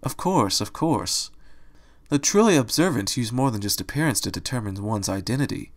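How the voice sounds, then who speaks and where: A calm, benevolent old owl, as a man reads him, formal and scholarly. He speaks softly and quietly at a middling pitch. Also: moderate pace, natural voice.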